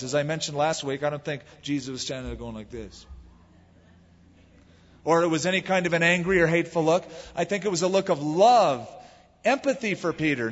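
Husky American pastor preaching in a hall. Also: male voice, fairly high pitch. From United States. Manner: conversational storytelling preacher, leans into quoted lines. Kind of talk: sermon. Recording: lo-fi recording in a reverberant hall.

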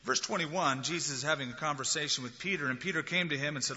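A man preaching a sermon, expressive and acting out the voices of people he quotes. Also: on the high side, quick pace, few pauses. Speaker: pastor. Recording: dull lo-fi recording in a large hall.

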